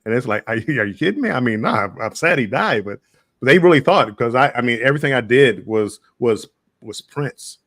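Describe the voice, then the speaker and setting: A man's voice: medium pitch, lively intonation, fairly bright tone, no room sound, studio quality. An American man telling travel stories in a casual livestream chat, often repeating his words as he starts. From United States. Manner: halting, repeats words, chuckling storyteller. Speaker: guest.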